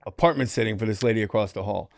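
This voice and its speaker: Male podcast host, gravelly voice, loose profane anecdotes, dry close sound. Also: fairly low pitch, rapid-fire, no echo. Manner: profane, storytelling, swaps anecdotes. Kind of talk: casual podcast chat.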